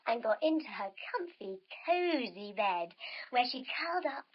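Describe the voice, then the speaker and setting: A woman narrating a children's yoga story, playful and animated, with sound effects. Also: on the high side, a little slow. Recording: dull lo-fi recording.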